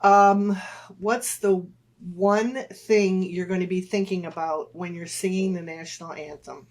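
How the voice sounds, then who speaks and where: A woman's voice: fairly low pitch, steady tone, unhurried, darkish tone. A woman in her sixties, a guest talking casually with her sons, hesitant and rambling with many fillers. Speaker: guest, mother of the hosts. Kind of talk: casual chat.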